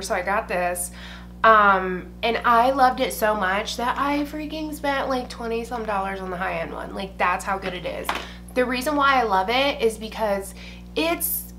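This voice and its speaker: A woman's voice: a little high, sharp tone, slight background noise. A young woman, chatting casually and gushing as she reviews beauty products at home, saying "y'all" and swearing lightly. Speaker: beauty vlogger. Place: indoors at home.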